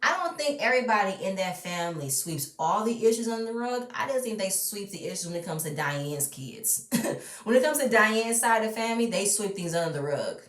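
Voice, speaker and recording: A woman's voice: mid-range voice, lively intonation, a little fast. A woman ranting bluntly and with strong opinions while recapping a reality show, swearing freely. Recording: roomy, mic at a distance.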